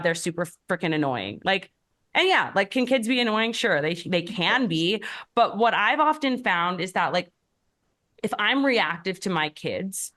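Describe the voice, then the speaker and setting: Candid woman health coach, chatty and reflective. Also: medium pitch. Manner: candid and reflective, many "like" fillers, animated when telling stories. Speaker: podcast host, health coach. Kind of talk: casual conversational podcast answers.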